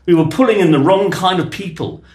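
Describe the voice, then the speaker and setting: A man's voice: high voice, fairly quick, roomy sound. A man hosting a casual chat, reading old press clippings aloud with enthusiasm. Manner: enthusiastic, reads quotes with lively emphasis. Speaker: podcast host.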